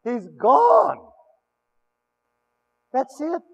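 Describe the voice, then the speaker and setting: A man's voice: extremely high pitch, drawn-out words. An older man preaching a sermon as pastor, telling stories with many restarts and repeated words. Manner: animated storytelling with many restarts. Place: large church. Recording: echoey church, dull lo-fi.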